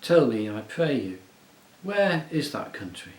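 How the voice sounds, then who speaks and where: A man reading an audiobook, voicing a soft, soothing, half-mocking enchantress queen. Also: mid-range voice, very animated, unhurried, echoey room, poor audio. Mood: coaxing. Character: silky, coaxing enchantress queen, woman. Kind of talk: audiobook character voice.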